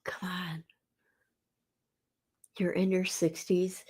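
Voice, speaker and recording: A woman's voice: on the low side, flat delivery, drawn-out words, darkish tone, husky. An older woman hosting a casual livestream, talking bluntly with exasperation, stammering and breaking into laughter. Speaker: livestream host.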